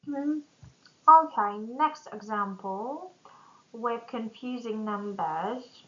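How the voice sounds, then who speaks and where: A woman gives a business English pronunciation lesson, speaking slowly and reading each example sentence out with care. Her voice sits a little high and sounds bright. The recording is slightly dull and lo-fi. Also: expressive. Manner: addresses viewers as "guys", reads model sentences aloud. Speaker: English teacher. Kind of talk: slow explanatory lesson.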